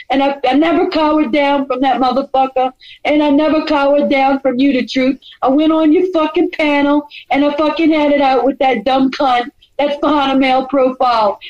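High-voiced furious woman ranting, lo-fi. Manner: furious, profane, repetitive and threatening. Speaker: livestreamer. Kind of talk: angry confrontational rant. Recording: dull lo-fi audio.

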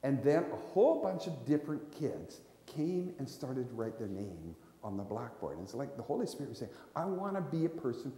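A man's voice: mid-range voice, sing-song, a little fast, few pauses, warm tone. A man preaching a sermon as a visiting missionary, telling stories in a conversational way with frequent restarts. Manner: conversational storytelling with restarts, voicing characters. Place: church sanctuary. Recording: echoey church hall.

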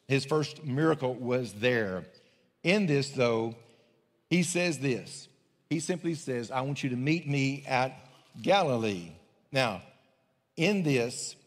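A man preaches to his congregation in a relaxed, folksy style, stopping to restart a phrase now and then. His mid-range voice rings out in a church sanctuary with a long, hall-like reverb. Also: medium pitch. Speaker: pastor. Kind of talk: sermon.

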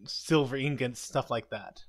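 A man hosting a casual live stream, retelling a TV episode scene by scene with quick quoted lines and frequent chuckles. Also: mid-range voice. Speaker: live commentary host.

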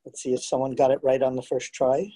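Male museum educator, chatty and animated, live virtual lecture on a video call. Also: medium pitch, fast, breathy edge. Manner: chatty, animated, asks the audience questions. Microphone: computer mic on a video call.

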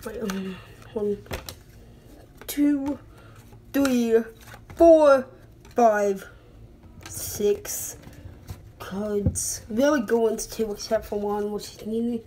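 A woman with a slight British accent talks casually to the camera from her bedroom in a home vlog. Her warm, medium-pitched voice is fairly even, slow and full of pauses. She rambles and apologizes often, and the home recording is noisy.

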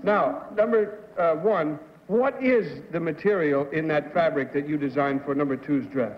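A man's voice: on the high side, normal speed, a little hiss or hum. A man on a game show panel, questioning contestants in a joking, hesitant way. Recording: dull 1960s TV recording in a reverberant studio.

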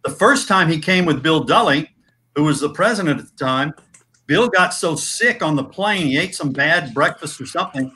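Bright-voiced man recounting his career. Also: on the high side, lively intonation, moderate pace. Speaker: former sales manager, guest. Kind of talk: casual roundtable storytelling.

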